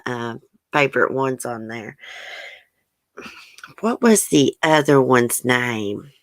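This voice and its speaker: Low-voiced chatty woman livestream host. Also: a bit bright, no echo. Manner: chatty, frank and opinionated, talks back to viewer comments. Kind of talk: casual chat reading news and viewer comments.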